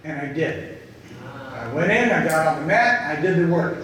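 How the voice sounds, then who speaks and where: A man giving an earnest inspirational talk to a gathered group, telling stories slowly and with emphasis. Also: on the high side, sing-song, fairly bright tone, slight background noise. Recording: echoey hall, distant mic.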